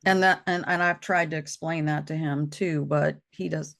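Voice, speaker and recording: A woman talking about losing loved ones, halting and repeating herself as she tells it. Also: low-pitched, steady tone, vocal fry, fairly bright tone. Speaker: co-host. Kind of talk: emotional personal conversation.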